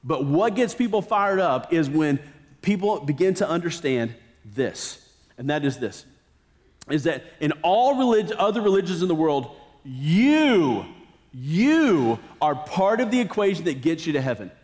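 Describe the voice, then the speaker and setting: A man's voice: a little high, big pitch swings, unhurried, darkish tone, in a large hall. A man preaching a casual sermon in a conversational, emphatic way, with slangy asides.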